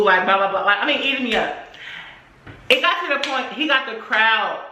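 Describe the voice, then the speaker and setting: A young adult woman vlogger telling a story casually, in animated, slangy, profane speech. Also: on the high side, a little fast, background noise. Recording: echoey room.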